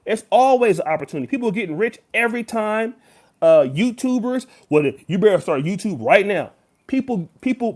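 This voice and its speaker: A man with a raised, high-pitched speaking voice delivers a YouTube commentary. He talks straight to his viewers in an emphatic, lecturing way, leaning on each point. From United States. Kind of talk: direct-to-camera commentary.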